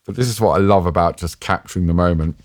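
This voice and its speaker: Lower-voiced British man telling war stories. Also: fast talker, dry recording, studio quality. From Britain. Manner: lively, self-mocking, acts out quotes. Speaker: interview guest, war journalist. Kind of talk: animated anecdotal storytelling.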